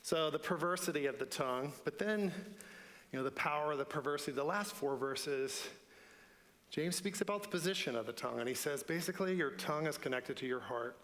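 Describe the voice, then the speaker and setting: Pastor, male, bright high voice, earnest sermon delivery, church reverb. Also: fairly quick. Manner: earnest preaching, rising to emphatic repetition. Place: church sanctuary. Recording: long church hall reverb.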